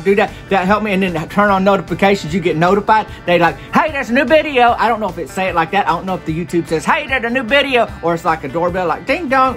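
A man, a comedian and YouTuber, giving a loud, upbeat, rambling outro appeal to viewers. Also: high voice.

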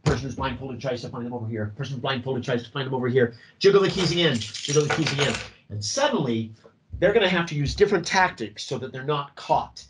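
A middle-aged man, a drama teacher leading a workshop for other teachers, talking in an animated way and acting out student voices. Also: medium pitch, quick pace, background noise.

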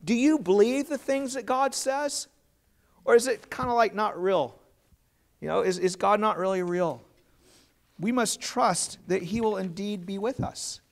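A man's voice: high voice, unhurried, creaky. A man preaching a sermon as pastor, earnest and plain, putting questions to his congregation.

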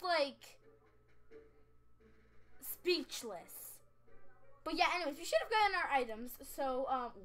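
A woman's voice: high voice, sharp tone. A young woman chatting over her gameplay, rambling and scatterbrained, giggling at herself. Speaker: gaming vlogger. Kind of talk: casual game commentary.

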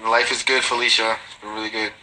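A man's voice: lowish voice, level tone, quick pace, sharp tone, slight background noise, rough recording. A man casually chatting on a phone livestream, reading viewer comments aloud and answering them in slangy, swearing talk. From Guatemalan family. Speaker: livestreaming reality TV personality.

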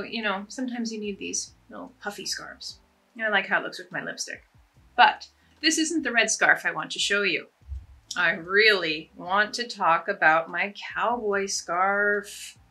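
This fashion vlogger speaks at a medium pitch with a sharp edge to her tone. She chats enthusiastically and casually while showing how to tie scarves, often making light of herself.

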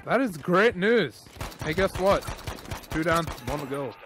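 A man's voice: on the high side, lively intonation, a little slow, background noise. A man bantering crudely while gaming in a put-on Scottish accent, sounding tired. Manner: crude, joking, drowsy drawl. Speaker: gamer. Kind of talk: casual gaming chat.

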